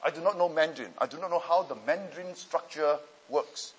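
A man teaching a class on Bible languages and preaching, emphatic and deliberate, often checking in with his listeners. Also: on the high side, breathy edge, poor audio.

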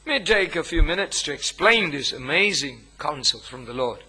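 Man, pastor, sermon, higher voice, emphatic pauses. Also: animated, pushed and bright, a little hiss or hum, poor audio. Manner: emphatic preaching with long pauses between phrases.

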